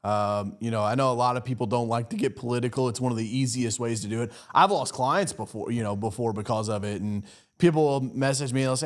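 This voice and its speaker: A man's voice: medium pitch, fast. A man hosting a podcast as a business coach, chatty and agreeable, often laughing and mimicking voices. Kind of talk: casual podcast conversation.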